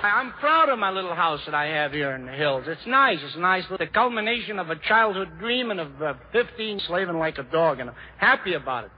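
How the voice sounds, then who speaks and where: A man from Ohio doing a stand-up routine, with punchy, excitable joke delivery and frequent restarts. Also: sits high, a little fast, few pauses, muffled recording. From Ohio, USA. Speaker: stand-up comedian.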